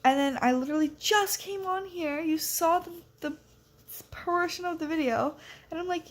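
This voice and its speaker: A teenage girl talking casually in a reading vlog, rambling and excitable with lots of filler words. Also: high voice, moderate pace. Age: teens. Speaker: vlogger.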